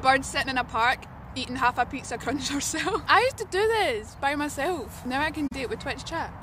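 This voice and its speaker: A young woman livestreaming and chatting casually, excitable and sweary, breaking into shrieks. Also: high-pitched, brisk, soft background music.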